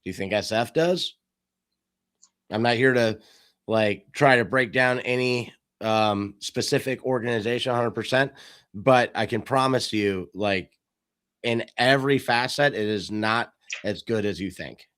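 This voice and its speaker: A man's voice: mid-range voice, unhurried, smooth. A man hosting a casual podcast discussion, telling stories animatedly and acting out quoted lines. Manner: animated storytelling, acts out quotes. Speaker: podcast host.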